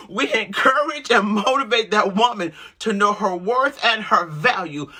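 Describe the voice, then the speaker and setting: A woman host preaching to women with loud, exuberant energy, breaking into whoops and repeated calls to listen. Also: medium pitch, lively intonation, unhurried.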